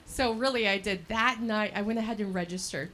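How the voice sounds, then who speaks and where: A woman's voice: mid-range voice, brisk, fairly bright tone, a little hiss or hum. A woman in her thirties from El Dorado County, telling her own story in a chatty, laughing way as a scholarship recipient speaking at a fundraiser. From El Dorado County, California. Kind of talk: speech at a fundraiser event. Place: event at a brewery.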